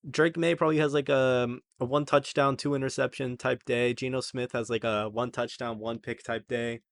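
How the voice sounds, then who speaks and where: A young man talks through his sports predictions in a casual, rambling way, often backing up and correcting himself. His voice sits at a middle pitch for a man. The sound is dry and close, with no room echo. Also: steady tone, normal speed, vocal fry. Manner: chatty, rambling, self-correcting. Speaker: sports video host.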